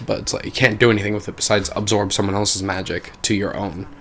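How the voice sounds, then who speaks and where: Low-ish voiced guy rambling thru game commentary, kinda exasperated, lots of fillers. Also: flat delivery, fast, a bit bright, slight background noise. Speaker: gaming video creator. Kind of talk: casual gameplay commentary.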